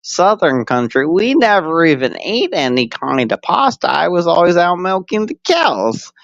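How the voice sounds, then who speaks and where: A man's voice: high-pitched, very animated, moderate pace, creaky, no room sound, pitched above the performer's own voice, full character voice. A man putting on a boastful Italian New York man who rambles and contradicts himself. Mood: mock-boastful. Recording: dull lo-fi stream audio.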